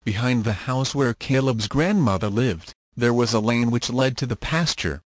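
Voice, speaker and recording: A man narrating a children's story in a steady, measured reading voice. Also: mid-range voice, dry recording.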